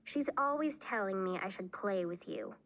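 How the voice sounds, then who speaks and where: A woman's voice: medium pitch, lively intonation, moderate pace, fairly bright tone. A woman reading aloud, voicing a serious young girl who plays at being a witch, earnest and a bit bossy. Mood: chatty.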